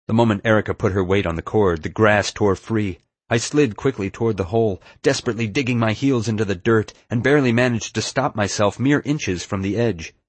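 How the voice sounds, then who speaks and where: A man reading a first-person adventure story aloud in a steady, measured way. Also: lowish voice, no echo. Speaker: audiobook narrator. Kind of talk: scripted first-person narration.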